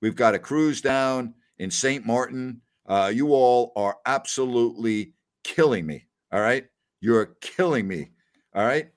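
A man hosting a casual post-game livestream, animated as he reads out viewer comments. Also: mid-range voice, unhurried. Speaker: podcast host.

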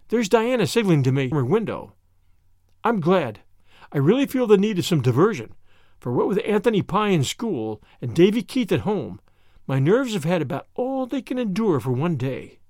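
A man voicing an earnest, kind young woman who is a teacher, in a raised, bright voice from an audiobook reading. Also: high-pitched, sing-song, moderate pace, no room sound, clean studio sound. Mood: relieved.

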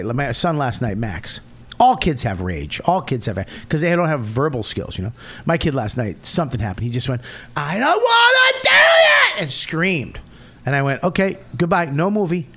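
A middle-aged man from Boston with a Boston accent, a comedian guest telling profane, animated stories in casual podcast chat. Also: mid-range voice. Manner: profane, animated storytelling with acted-out quotes.

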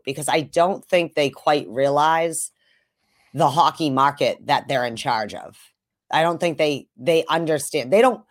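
A woman's voice: deep voice, no echo. Woman co-host, from Buffalo area, rambling casual chat, laughs a lot, dry close sound. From Buffalo area, USA. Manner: animated, rambling, laughs often, swears. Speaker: podcast co-host. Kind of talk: casual sports podcast chat.

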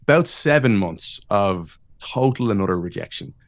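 Animated Irish man telling stories. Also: on the low side, moderate pace, no echo, studio quality. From Ireland. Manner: animated, self-deprecating, laughs often. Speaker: podcast guest, wrestling announcer. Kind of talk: casual interview storytelling.

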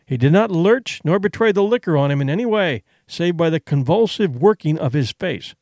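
Expressive male storyteller, dry close sound. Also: fairly high pitch, moderate pace, no echo. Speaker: audiobook narrator. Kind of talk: scripted narration of a classic story.

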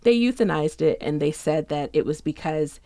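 A woman's voice: sits low, lively intonation, normal speed, warm tone, dry recording, studio quality. A woman co-hosting a casual talk show, chatty and playful, laughing often. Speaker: podcast co-host. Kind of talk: casual chat.

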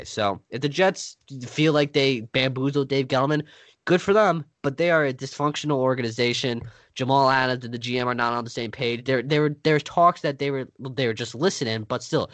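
A man's voice: mid-range voice, fairly bright tone, dry recording. A man co-hosting a podcast in casual sports chat, making his points emphatically and firmly. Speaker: podcast co-host.

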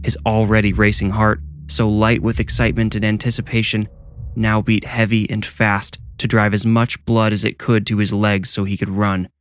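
Low-voiced man narrating horror. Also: level tone, normal speed, no room sound.

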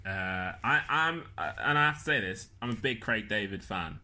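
A man's voice: medium pitch, lively intonation, normal speed, pushed and bright. A man chatting as a comedy podcast guest, rambling and self-deprecating, with lots of fillers. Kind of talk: casual comedic chat.

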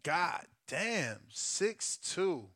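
Excitable high-voiced man reacting live. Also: very slow. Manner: excitable, profane, shouts and exclaims. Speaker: live stream host. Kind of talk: live fight reaction commentary.

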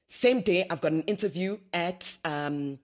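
A young woman, an interview guest telling her story in a lively way, acting out the dialogue and laughing often. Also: fairly low pitch, a little slow.

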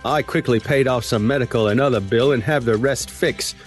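A man voicing a pushy money-grant scammer in a deliberately bad Australian accent. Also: medium pitch, soft background music, lightly acted.

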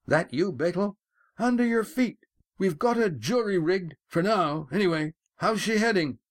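A man voicing sailors calling out across a ship, his voice raised well above his own and slow, drawn-out. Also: sits high, animated, voice pushed up, heavily acted. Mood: urgent. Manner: raised, shouted dialogue. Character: shouting sailors and ship's crew, men.

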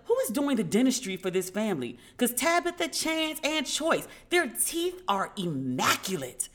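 A woman hosting a podcast, chatting through pop-culture gossip in a salty, quick-aside way. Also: a little high, big pitch swings, fairly bright tone, a little hiss or hum. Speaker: podcast host. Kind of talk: casual pop-culture commentary.

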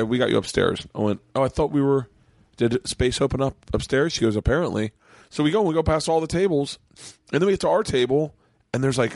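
A man's voice: mid-range voice, gravelly, dry recording, studio quality. A man hosting a podcast, telling stories in casual chat, laughing often and swearing freely. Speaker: podcast host. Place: home studio mancave.

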